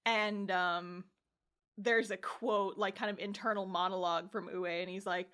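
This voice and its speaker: A young woman co-hosting a podcast, casually recapping an anime episode with animated storytelling, acting out characters' lines, laughing and swearing. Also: medium pitch, unhurried, clear, resonant tone. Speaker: podcast co-host reviewing anime.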